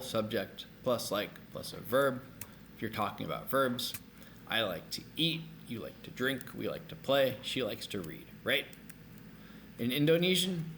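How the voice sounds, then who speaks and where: A man teaching a language lesson, explaining phrases in an upbeat, animated way. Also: medium pitch, slight background noise.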